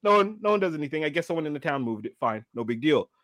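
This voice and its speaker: A man co-hosting a podcast, retelling a show in animated casual chat with frequent laughs. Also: on the high side, very fast, no echo, studio quality. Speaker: podcast co-host. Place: livestream studio.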